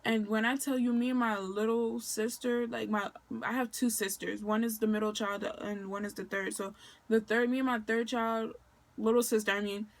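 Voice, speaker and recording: This young Maryland vlogger retells something that happened to her in a chatty, filler-heavy, slang-laden style, quoting what others said as she goes. She speaks at a fairly high pitch in a level tone and at a normal speed.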